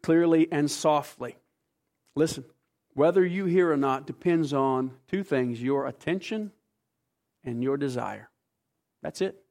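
A man preaching a sermon as pastor, emphatic, swinging between hushed, slow passages and forceful ones. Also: mid-range voice, creaky.

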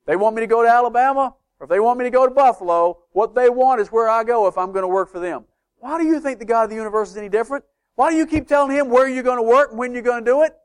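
A male preacher delivering a sermon in a church, animated, firing rhetorical questions and swinging between soft asides and loud emphasis. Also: extremely high pitch, racing, clear, resonant tone.

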